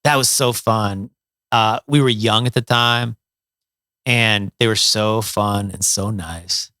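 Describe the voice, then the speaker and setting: A man's voice: lowish voice, slow pace, pushed and bright, no room sound, clean studio sound. A middle-aged man from Ohio, a musician, telling stories in a casual interview, with many fillers and restarts. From Toledo, Ohio, USA. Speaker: guest, musician.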